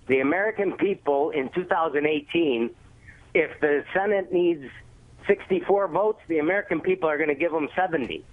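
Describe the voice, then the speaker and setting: A man from the Cleveland area calling in to a radio show, laying out his points with confident insistence. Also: on the high side. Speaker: caller. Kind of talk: phone-in caller making a point. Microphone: telephone. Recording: tinny phone line.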